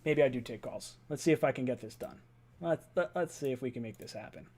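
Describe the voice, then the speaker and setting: A young man hosting a live-stream call-in fan show, excited, laughing and often shouting. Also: medium pitch, quick pace.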